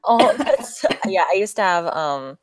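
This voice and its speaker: A woman's voice: medium pitch, sing-song, measured pace, no echo. A young woman hosting a casual livestream chat, talking animatedly, laughing a lot and filling her speech with "like". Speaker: host.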